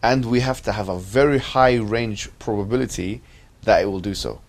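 A man leads an ethics lesson in a classroom with a somewhat low voice. He talks in questions, repeats himself and checks in with the students as he goes. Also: normal speed, creaky, distant mic. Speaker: teacher.

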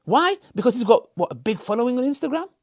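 A man's voice: very high voice, sing-song, fast, creaky, a little mellow, no echo, studio quality. A man giving heated reaction commentary, scolding and mocking with sarcastic quotes.

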